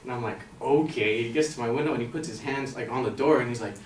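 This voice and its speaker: A young man telling a personal story on stage in a casual, animated, slangy way. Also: mid-range voice, rapid-fire, recorded from a distance. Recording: roomy hall from afar, faint noise.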